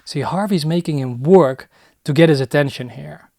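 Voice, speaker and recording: A man's voice: a little high, normal speed, vocal fry, darkish tone, dry recording, clean studio sound. Man coaching on frame control. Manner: coaching, repeats key phrases, addresses "guys". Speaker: video host, commentator. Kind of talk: explanatory commentary on clips.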